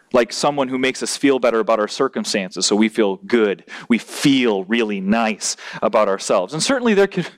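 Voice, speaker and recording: A man preaching a sermon as pastor in a church, earnest and building to emphatic points. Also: medium pitch.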